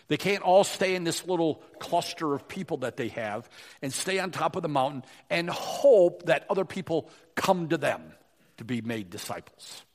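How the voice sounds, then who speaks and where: Man preaching in an echoing hall. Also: on the high side. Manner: emphatic, with dramatic rises and hushed drops. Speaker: pastor. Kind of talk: sermon. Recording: long reverb of a large hall.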